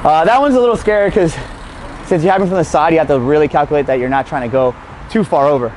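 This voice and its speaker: A somewhat high-voiced man explains tricks in a loose, joking way and teases himself along the way. He is out of breath and talks into a lapel mic outdoors. Faint traffic hums behind him. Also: quick pace. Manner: joking, self-mocking, chatty. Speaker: BMX rider hosting a how-to. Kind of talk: casual spoken tutorial. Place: outdoors by a street rail.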